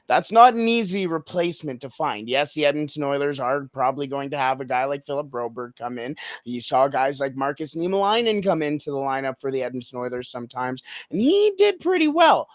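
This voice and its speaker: A man talking hockey as a podcast guest, animated and laughing often, building to points with dramatic pauses. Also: medium pitch, dry recording, clean studio sound. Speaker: podcast guest, team analyst. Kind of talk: casual sports podcast chat.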